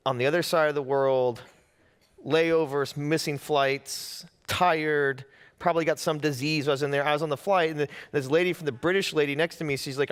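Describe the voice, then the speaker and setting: A man's voice: a little high, a bit bright, big-room sound. A young adult man, a pastor, giving a sermon and telling a personal story animatedly, acting out quotes.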